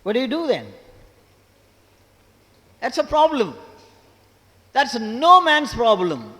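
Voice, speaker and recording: A man's voice: very high-pitched, very animated, takes it slowly, bright, forceful tone. A man in his seventies with a Tamil Indian English accent gives a motivational lecture to college students. He asks the audience questions, repeats key points and stresses each syllable. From Tamil Nadu, India. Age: 70s. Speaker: guest lecturer, former English professor. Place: college auditorium. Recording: long hall reverb.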